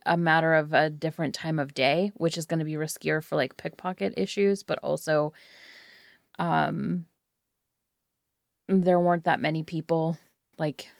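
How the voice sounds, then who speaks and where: A woman's voice: deep voice, fairly even intonation, moderate pace, a little mellow, no room sound, clean studio sound. A woman playing a tabletop game, talking casually and hesitantly with lots of hedging. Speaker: player.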